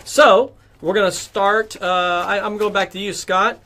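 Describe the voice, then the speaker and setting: Host, male, high-pitched, chatty, fillers, easygoing panel lead. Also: fairly even intonation, unhurried, sharp tone. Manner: chatty, hosting with frequent fillers. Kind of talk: casual panel chat.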